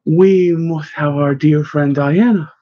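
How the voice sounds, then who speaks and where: A man voicing an eager nun who speaks in a hushed, breathy way. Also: low-pitched, slow. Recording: slightly dull, dry recording.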